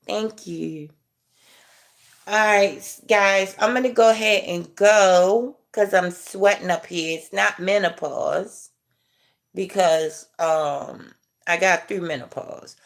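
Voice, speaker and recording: A middle-aged woman hosting a casual livestream, chatting with viewers in a laid-back, drawn-out way and chuckling as she reads comments. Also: medium pitch, gravelly. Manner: laid-back, drawn-out delivery, chuckling while reading chat. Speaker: livestream host.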